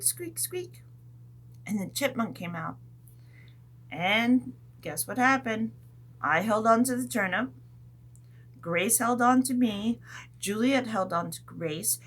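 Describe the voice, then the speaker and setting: Reading a story aloud to young kids, this woman teacher is soft yet animated, supplying sound effects as the tale unfolds. Her pitch is medium.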